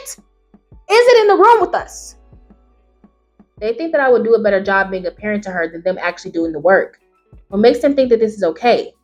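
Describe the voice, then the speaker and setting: A young woman hosting her channel, who reads stories aloud and reacts to them with blunt, animated rants. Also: fairly high pitch. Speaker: channel host.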